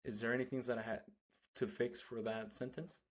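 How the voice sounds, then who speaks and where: A man whose first language is Spanish, practising reading aloud and slowing down over each phrase, with quick casual remarks in between. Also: mid-range voice, flat delivery. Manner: reads French slowly and carefully, quick self-talk between lines. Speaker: language learner.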